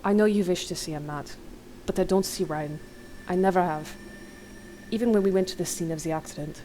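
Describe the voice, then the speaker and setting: A man's voice: high-pitched, brisk, mellow, a little hiss or hum, lightly acted, low-quality recording. A woman reading the part of an older widowed man who speaks with the dead, in a put-on French lilt. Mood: somber. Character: older widowed male spirit medium, gentle.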